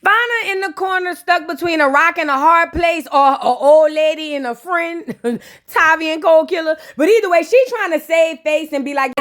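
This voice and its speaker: A high-voiced woman recapping a reality show in a casual, sassy gossip style. She talks straight to her viewers with lots of slang and teasing asides. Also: moderate pace, fairly bright tone. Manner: chatty, sassy, slang-heavy commentary.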